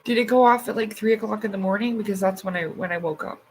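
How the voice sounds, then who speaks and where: A woman with a medium-pitched voice talks quickly as she hosts a casual livestream, reading comments and chatting loosely with viewers. Her speech is full of fillers and she swears freely. The audio is poor, with slight background noise.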